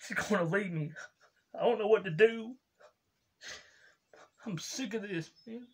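A man's voice: sits high, animated, slow pace, vocal fry, warm tone, slightly rough, pitched above the performer's own voice, exaggerated voice. A man voicing a heartbroken young man who cries out his anger in tearful, whiny lines that trail off into whispers, in a comedy skit. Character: weepy heartbroken young man, sobbing over a breakup.

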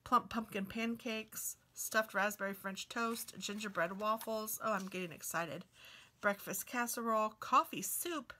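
A craft and book video host leafs through a cookbook, casually reading recipe names aloud and exclaiming with delight. Her bright, forward voice sits at a middle pitch for a woman, and she speaks at a measured pace.

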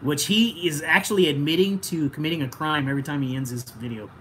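A woman's voice: sits low, fast talker, slight background noise. A woman co-hosting a toy-hunting livestream from her collection room, joking with a co-host and reading chat with lots of laughter. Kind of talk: casual livestream banter.

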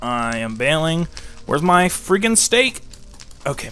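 A man giving excited gameplay commentary, repeating phrases rapidly under pressure. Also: on the high side. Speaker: gameplay channel host. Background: loud background music.

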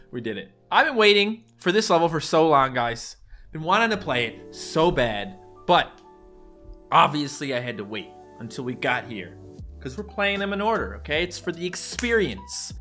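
A young man giving jokey let's play commentary on a video game, now and then leaping into squeaky put-on voices. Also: big pitch swings, normal speed, sharp tone, soft background music. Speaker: gaming YouTuber.

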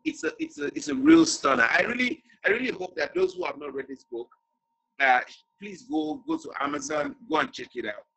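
Excitable man hosting, gravelly bright voice. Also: sits high, a little fast, a little hiss or hum, rough recording. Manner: excitable, gushing, stumbling restarts. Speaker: host. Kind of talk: casual hosting on a video call.

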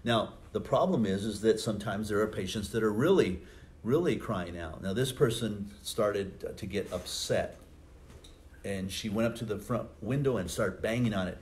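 A man's voice: on the low side, moderate pace. A middle-aged male pastor preaching a sermon in a conversational, anecdotal way, chuckling often.

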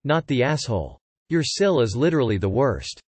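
A man narrating, reading online posts and comments aloud in a steady, matter-of-fact way. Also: medium pitch, normal speed, husky, no room sound.

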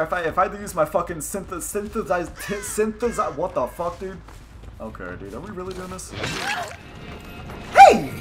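Young guy streaming a game, high lively voice, swears a ton and yells at people, game music going behind him. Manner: excitable, swears a lot, yells at players, mutters tactics. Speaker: gaming YouTuber. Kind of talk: live gameplay commentary.

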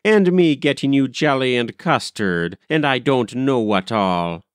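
A man reading a story aloud, voicing a quick-tempered, gossiping woman servant who talks in rustic, ungrammatical speech. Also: mid-range voice, lively intonation, clear, resonant tone, no room sound, close to an everyday voice. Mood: scolding.

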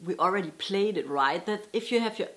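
A woman's voice: mid-range voice, lively intonation, brisk. A woman giving a casual guitar lesson, chatty and often breaking off to correct herself. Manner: chatty, self-interrupting, laughs at herself. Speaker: guitar teacher. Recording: loud guitar playing behind. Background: guitar playing.

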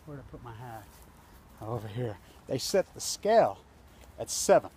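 A man's voice: medium pitch, sing-song, normal speed, darkish tone, slight background noise. A man filming himself outdoors on a phone, angrily ranting with heavy profanity and a lot of repetition. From United States. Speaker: protester. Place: outdoors by a building entrance.

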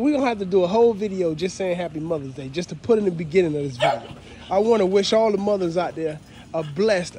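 A man's voice: sits high, dark tone, slight background noise. Man vlogging on his phone by dog kennels. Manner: heartfelt, repetitive, addresses viewers as fam. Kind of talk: casual thank-you vlog. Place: outdoor dog kennel yard. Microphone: phone held while walking outdoors.

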